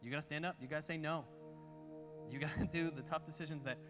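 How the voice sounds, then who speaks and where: A man's voice: a little high, fairly even intonation, fast, music in the background. A man preaching a sermon in a church, emphatic and repeating his key phrases. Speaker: pastor. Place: large church auditorium. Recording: church hall reverb.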